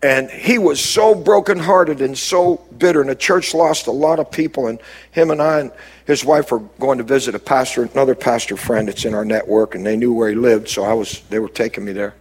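A man preaching a sermon as a pastor, dropping low and quiet and then rising to emphatic, raised lines. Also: brisk, husky.

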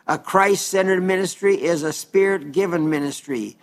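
Earnest preacher, slightly high male voice. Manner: earnest, plain-spoken, addresses listeners as dear friends; reads scripture aloud slowly and deliberately. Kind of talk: sermon.

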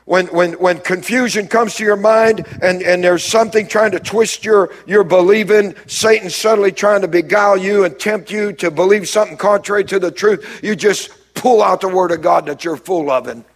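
A male pastor delivers a sermon in a slightly high, husky voice. He swings between loud, rising calls and quiet, low passages, stopping to ask the congregation for an answer. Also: moderate pace, few pauses. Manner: preaching with sudden rises and drops, calls to the crowd.

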